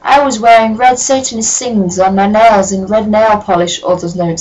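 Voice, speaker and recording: Deadpan woman reading aloud with sarcastic asides. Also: medium pitch, normal speed, hardly any pauses, poor audio. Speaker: reader of a fan story. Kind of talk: comic dramatic reading with commentary.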